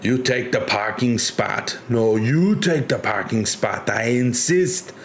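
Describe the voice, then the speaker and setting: A man putting on a heavy Austrian-style action-star accent for a movie line, slow and deliberate. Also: mid-range voice, a little hiss or hum. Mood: mock-polite. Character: man doing a gruff Arnold-style movie hero accent.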